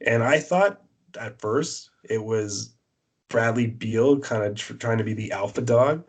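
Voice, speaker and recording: A man co-hosting a podcast, giving blunt, opinionated sports takes in casual chat with a Canadian accent, often pausing on "uh" and "um". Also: mid-range voice. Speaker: podcast co-host.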